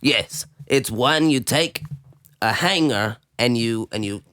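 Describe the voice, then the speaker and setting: A man's voice: mid-range voice, animated, slow pace, fairly bright tone, no echo. A man co-hosting an improvised comedy chat, putting on an old-timey commoner accent that keeps drifting. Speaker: podcast co-host.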